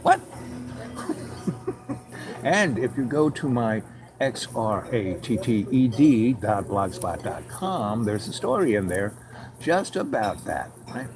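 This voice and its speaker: A man's voice: on the low side, expressive, unhurried, crowd noise. Rambling man talking to his listeners. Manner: meandering, full of "you know" asides; acts out little dialogues with raised voice. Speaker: show host. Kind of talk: rambling casual monologue.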